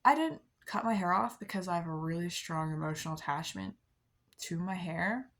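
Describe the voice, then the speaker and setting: A young woman chatting casually to her camera, rambling with many fillers and soft laughs at herself. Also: fairly low pitch, moderate pace. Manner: rambling, many likes and ums, soft self-deprecating laughs. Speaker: vlogger. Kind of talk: casual confessional chat to camera.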